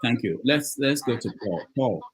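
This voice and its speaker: A man hosting a call-in show, briskly moving between callers. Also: mid-range voice, lively intonation. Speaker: host.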